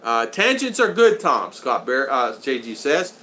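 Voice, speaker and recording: A man's voice: medium pitch, very animated, unhurried, pushed and bright, slight background noise. An older American man hosting a casual livestream, reading viewers' chat aloud, greeting them by name and laughing often. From United States.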